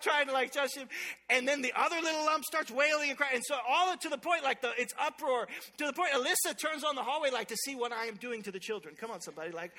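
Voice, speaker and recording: A man in his thirties preaching a sermon as a pastor, telling lively stories with humor and calling out to the congregation. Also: very high-pitched. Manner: lively storytelling with humor and call-outs to the congregation. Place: large church sanctuary. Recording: long hall reverb from a large sanctuary.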